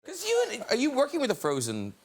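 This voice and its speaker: A man hosting a television chat show, putting brisk questions to his guests in a studio. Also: very high voice, huge pitch swings, heavy background noise. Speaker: talk show host. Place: TV studio with audience. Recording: studio audience laughter behind.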